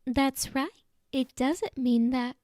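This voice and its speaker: A cocky, capricious teenage girl schemer speaks in a shrill, high voice, as a woman reads her. She flips between bubbly teasing and flat deadpan. The sound of this fan audiobook is dry and close, with no room in it. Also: slow, no room sound. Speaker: audiobook voice actor. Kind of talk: fan audiobook character reading.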